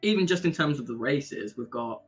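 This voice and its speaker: A man casually chatting on a podcast, animated, laughing often and trying out accents. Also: fairly high pitch, moderate pace, soft background music, poor audio. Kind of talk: casual chat.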